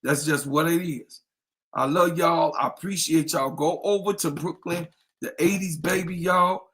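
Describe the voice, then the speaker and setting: A man co-hosting a casual sports livestream, hyping and repeating shout-outs to the audience. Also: a little high, steady tone, unhurried. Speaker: podcast co-host.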